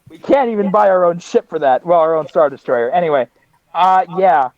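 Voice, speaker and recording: Tabletop player, male, casual and talkative, slightly high voice, dull dry recording. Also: brisk, a little mellow, dry recording. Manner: chatty, narrates own actions.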